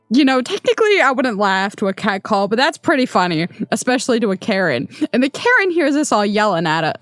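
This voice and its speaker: A woman's voice: mid-range voice, a bit bright, dry recording. A young woman casually telling a work story, chatty, with many ums and little laughs. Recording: dry close sound, faint music behind.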